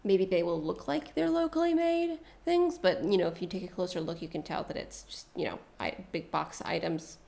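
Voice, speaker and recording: A woman's voice: fairly low pitch, lively intonation, moderate pace, gravelly, hardly any pauses, a little mellow. A woman co-hosting a podcast, chatting casually about travel and often chiming in with agreement. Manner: supportive, frequent agreeing interjections. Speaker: podcast co-host.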